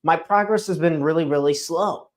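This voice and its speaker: A man's voice: a little high, normal speed. Rambling, earnest man hosting a livestream. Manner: rambling, self-correcting, earnest. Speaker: host of a daily morning show. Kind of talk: casual solo livestream talk. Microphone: streaming setup microphone.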